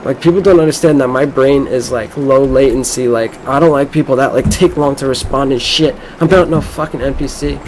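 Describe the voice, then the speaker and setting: A man's voice: medium pitch, a little fast, hardly any pauses, a little mellow, slight background noise, low-quality recording. Rambling, foul-mouthed young man gaming. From Florida. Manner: rambling, profane, boastful storytelling. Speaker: gameplay streamer. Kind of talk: casual rambling gameplay commentary.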